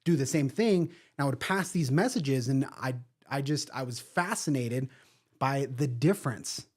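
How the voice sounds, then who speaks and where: A man's voice: medium pitch, lively intonation, normal speed. A man talking as a podcast guest, who speaks emphatically and repeats key words for weight. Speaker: guest, event organizer. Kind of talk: casual podcast interview.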